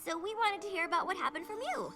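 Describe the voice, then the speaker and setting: A woman's voice: very high voice, animated, fast. A woman voicing an earnest, studious young female unicorn who speaks in a polite, careful, questioning way. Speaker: cartoon character. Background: cartoon music.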